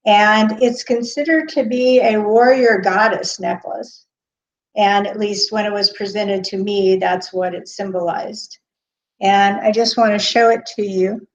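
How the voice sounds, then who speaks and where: A woman speaks slowly and off the cuff as a medium on her live stream, with many pauses and fillers. She greets chat viewers by name between her thoughts. The sound is dull and lo-fi, like a webcam mic indoors. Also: medium pitch, steady tone. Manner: hesitant, with frequent pauses and fillers. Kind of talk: unscripted live-stream talk. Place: indoor room.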